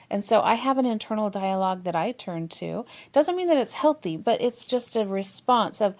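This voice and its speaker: A woman's voice: mid-range voice, animated, normal speed, hardly any pauses, darkish tone. A woman therapist co-hosting a relationship podcast, talking expressively and acting out inner dialogue with feeling. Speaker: therapist co-host.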